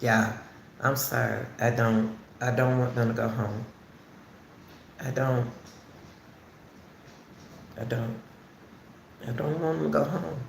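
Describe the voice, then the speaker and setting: A commentary channel host talks about a case in a casual, emphatic, repetitive way aimed straight at her viewers. Her bass voice is gravelly with fairly even intonation, and she goes slowly with frequent pauses. The room echoes, and faint noise sits underneath.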